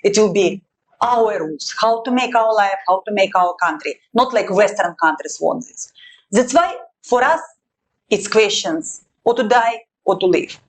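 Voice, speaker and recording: A woman from Russia, a war correspondent, answering interview questions in halting non-native English with a Russian accent and firm emphasis. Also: medium pitch, expressive, rough recording.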